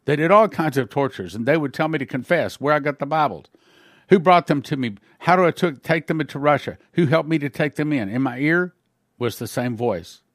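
Expressive and a little fast, this slightly high-voiced man shares an earnest testimony as part of a sermon. He tells his story plainly, with small slips, and acts out dialogue by shifting into the voices of others. The recording is dry and studio quality.

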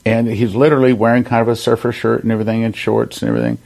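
A man hosting a ministry broadcast, telling stories of healings in a chatty, lively way. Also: mid-range voice, very fast, gravelly. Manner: animated storyteller who acts out quoted people. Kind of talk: conversational broadcast testimony sharing.

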